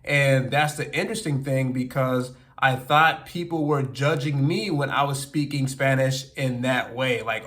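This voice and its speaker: A man's voice: mid-range voice, measured pace, hardly any pauses, fairly bright tone. A man from the United States with an American accent, talking earnestly and openly about his own experience in a personal vlog. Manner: earnest, open and self-reflective. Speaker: language-learning vlogger.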